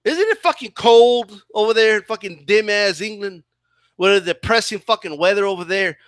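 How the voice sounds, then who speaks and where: A man's voice: sits high, moderate pace, fairly bright tone, no echo, clean studio sound. A man hosting a boxing channel, ranting sarcastically and swearing in a loose livestream chat, often ending his points with "right?". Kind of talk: profane livestream rant.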